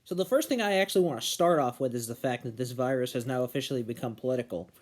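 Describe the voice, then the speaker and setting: A young man from New Hampshire giving an earnest political commentary monologue, slowing down and stressing key words. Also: mid-range voice. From New Hampshire, USA. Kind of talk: casual opinion monologue.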